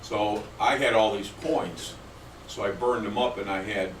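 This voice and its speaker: A man's voice: steady tone, unhurried, fairly bright tone, distant mic, slight background noise. A man co-hosting a casual talk show, telling jokes and acting out voices in them. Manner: tells jokes and acts out high-pitched voices. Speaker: podcast co-host. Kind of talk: casual chat. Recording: echoey room, off-mic, faint ambience.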